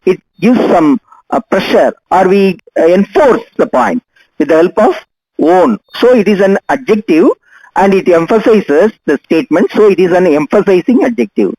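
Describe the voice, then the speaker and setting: An older man gives a grammar lesson in a high, lively voice that swoops up and down. He talks patiently and goes over each example slowly. The sound is dry and close. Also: vocal fry, breathy edge, dry recording, poor audio. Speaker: English teacher.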